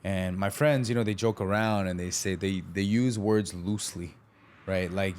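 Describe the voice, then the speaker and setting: A man's voice: on the low side, moderate pace, a little mellow. A man telling his life story candidly as a podcast guest, using street slang and acting out the voices he quotes.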